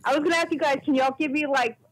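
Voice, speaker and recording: A woman's voice: high-pitched, fairly even intonation, very fast, a bit bright, poor audio. Giggly chatty woman guest on a radio show. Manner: chatty, giggly, lots of fillers. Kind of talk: casual interview chat.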